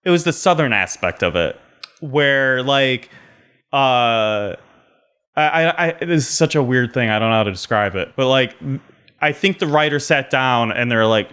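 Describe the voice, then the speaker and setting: Halting, lively male podcast co-host. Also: mid-range voice, clean tone. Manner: halting, searching for words. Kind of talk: casual chat.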